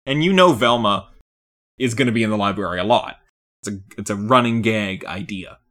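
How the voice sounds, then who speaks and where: A man's voice: lowish voice, a little fast. A man co-hosting a casual podcast about a film, talking in a wry, joking way. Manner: lively, wry, deadpan jokes. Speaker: podcast co-host.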